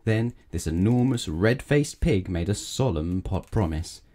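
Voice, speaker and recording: A man narrating a children's bedtime storybook, gentle and measured. His voice is low and mellow, unhurried as he reads. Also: animated.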